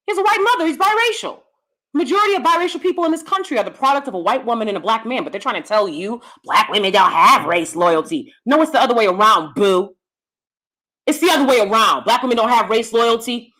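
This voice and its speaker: An American woman rants bluntly into the camera, cursing freely and firing off challenges. Her voice sits high and leaps between low mutters and sharp peaks. The delivery is combative and unfiltered. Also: sing-song, fast talker. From United States. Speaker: YouTube commentator. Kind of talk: ranting commentary.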